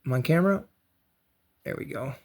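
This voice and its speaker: Gravelly-voiced man hosting a craft tutorial. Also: mid-range voice, lively intonation, normal speed. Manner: chatty, joking, encouraging, slangy asides. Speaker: host of a toy and craft channel.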